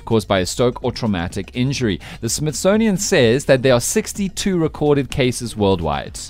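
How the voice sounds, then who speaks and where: A man's voice: medium pitch, huge pitch swings, moderate pace, darkish tone. A man hosting a breakfast radio show, teasing his co-hosts and laughing often. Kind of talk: lively on-air banter.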